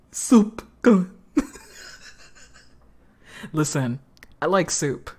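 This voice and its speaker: A woman in casual let's-play banter, animated and often laughing. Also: fairly low pitch, drawn-out words, pauses often, slightly rough. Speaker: game player.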